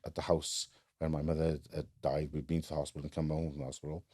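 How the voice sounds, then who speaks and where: Very deep, mellow man. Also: flat delivery, fast, husky. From Wales. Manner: frank, matter-of-fact, many fillers and restarts. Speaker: guest. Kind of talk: casual storytelling.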